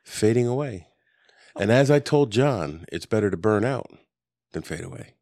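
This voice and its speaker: A podcast host speaks into a desk podcast mic in a lowish, expressive, darkish voice at a moderate pace. The casual chat is rambling and jokey, with plenty of ums. The recording is dry and studio quality.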